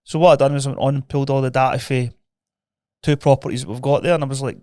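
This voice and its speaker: A man's voice: medium pitch, fairly even intonation, mellow, dry recording, studio quality. A Scottish man co-hosting a podcast in casual chat, talking informally about showing investors real numbers. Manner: quick, informal, recounting deals with investors. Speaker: podcast co-host.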